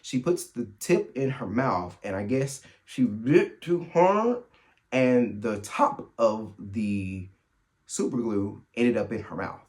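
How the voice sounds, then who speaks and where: A man hosting a solo podcast, telling funny family stories in a casual, animated way and laughing as he goes. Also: fairly low pitch. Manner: animated, laughs through his stories, quick asides. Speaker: podcast host. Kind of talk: solo storytelling chat.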